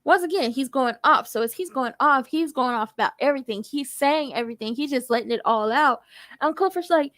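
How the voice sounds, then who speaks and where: A woman giving a casual TV episode recap, sassy and animated with playful asides. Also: high-pitched, a little fast, no echo. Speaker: TV recap YouTuber.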